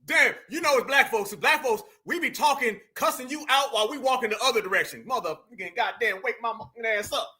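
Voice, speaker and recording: A man's voice: extremely high pitch, fast, hardly any pauses, bright, forceful tone, slightly rough. A man, hosting casual reaction commentary, emphatic and profane, calling his viewers fam. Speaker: commentary channel host.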